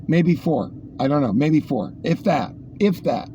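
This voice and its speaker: A man's voice: on the high side, lively intonation, unhurried, mellow, a little hiss or hum. A man hosting a casual news rundown, rambling with sarcastic asides. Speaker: host reading the news.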